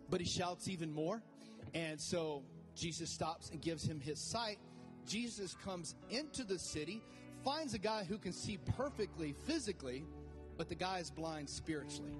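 Pastor guy preaching, high voice, chatty then fired up, music under him. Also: big-room sound. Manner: conversational preaching that builds to fervent calls to the congregation. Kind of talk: sermon.

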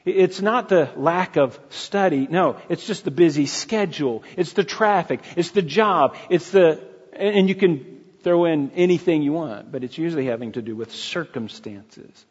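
Halting preacher in an echoing hall. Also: male voice, on the high side, breathy edge. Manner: earnest, halting, with many restarts. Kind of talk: sermon. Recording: dull lo-fi sound in a reverberant hall.

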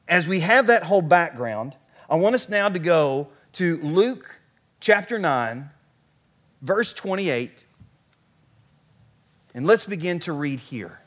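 A man with a notably high, light voice preaches to his congregation. He tells the story with animated energy, acting out what the biblical figures say, then drops to soft, slow words for emphasis. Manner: animated, acts out biblical characters' lines. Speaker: pastor. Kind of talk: sermon.

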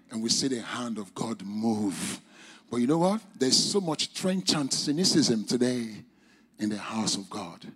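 Husky-voiced preacher with a foreign accent. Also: male voice. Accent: non-native English accent, speaker's own mention. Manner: emphatic preaching with formal, old-fashioned wording; swings between loud high exclamations and low quiet drops. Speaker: pastor. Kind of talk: sermon.

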